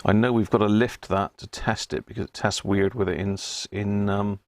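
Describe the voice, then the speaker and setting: A man's voice: on the low side, steady tone, normal speed, no room sound. A man hosting a casual live repair stream, chatting and muttering to himself while he works at his bench. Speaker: electronics repair hobbyist host.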